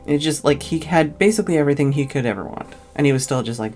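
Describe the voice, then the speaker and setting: A woman's voice: rumbling low, fast, few pauses, darkish tone, soft background music. Tired woman rambling through a story. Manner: rambling, lots of "like" fillers. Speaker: streamer. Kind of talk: casual storytelling.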